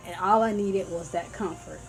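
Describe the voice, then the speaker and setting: A woman's voice: lowish voice, normal speed, rough recording. A woman vlogging in a casual, earnest and heartfelt way, rambling a little as she explains warning signs. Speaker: vlogger raising epilepsy awareness. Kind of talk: casual informative vlog. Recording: faint background music.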